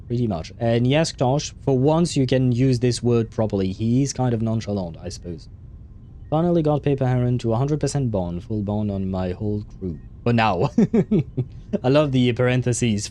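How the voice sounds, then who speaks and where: A man's voice: medium pitch, warm tone, a little hiss or hum. A man streaming a game, chatting along in a rambling way and often chuckling. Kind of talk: casual let's play commentary.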